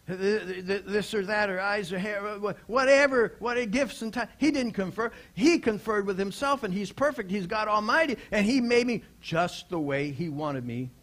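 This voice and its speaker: A man preaching a sermon, asking the congregation rhetorical questions and swinging from hushed lines to loud exclamations. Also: high-pitched.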